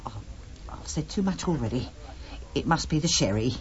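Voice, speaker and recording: A woman's voice: low voice, lively intonation, moderate pace, highs cut off. An actress in a radio drama playing a proud, gossipy older housekeeper fond of her sherry.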